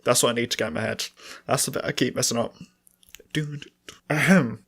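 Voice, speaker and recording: A man's voice: mid-range voice, steady tone, racing, vocal fry, fairly bright tone, slightly rough. Rambling young man with a dry, sore throat. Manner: rambling, self-mocking, laughs often. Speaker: podcast co-host. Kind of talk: casual solo chat and singing along.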